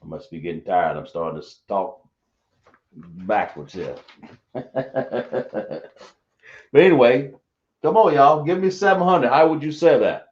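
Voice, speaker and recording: A man's voice: mid-range voice, expressive, unhurried, long pauses, darkish tone. Male teacher, drawling, quizzes the class, echoey dull room sound. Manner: drawling, self-correcting, asks the class questions. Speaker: Hebrew teacher.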